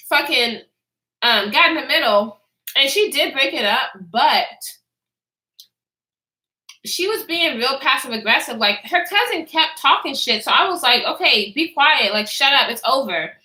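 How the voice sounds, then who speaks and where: A woman's voice: high voice, animated, a little slow, pauses often, sharp tone. A woman in her twenties telling a casual story to her live chat, blunt and profane, chatting back to the viewers as she goes. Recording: echoey room.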